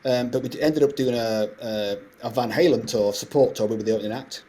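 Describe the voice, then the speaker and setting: A middle-aged man, telling stories as a podcast guest in animated, rambling talk. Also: mid-range voice, a little hiss or hum. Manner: fast, animated anecdote-telling with frequent laughs. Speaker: guest composer. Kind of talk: casual podcast interview storytelling.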